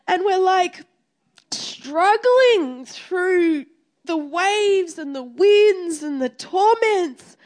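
A woman's voice: very high-pitched, animated, drawn-out words, darkish tone. A woman sharing an emotional spoken testimony in a heartfelt, repetitive way, as a ministry speaker.

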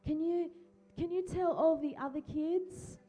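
A woman pastor, speaking gently and encouragingly, often repeating her phrases, during a church service and children's talk. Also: very high-pitched, steady tone, measured pace, faint music behind. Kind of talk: worship prayer and children's talk. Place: church hall. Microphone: handheld microphone.

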